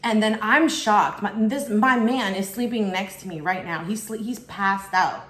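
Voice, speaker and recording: Eating as she talks, a young female vlogger shares a casual storytime in a medium-pitched, slightly bright voice at a somewhat slow pace. The recording has a roomy echo, and she chats away, saying "like" constantly and voicing others in quotes.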